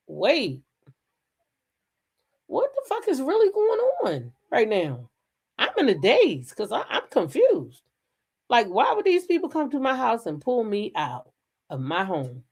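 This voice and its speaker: A middle-aged woman casually telling viewers a personal story, swearing freely and swinging from hushed asides to loud outbursts. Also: low voice, husky. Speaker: storyteller recounting a police raid.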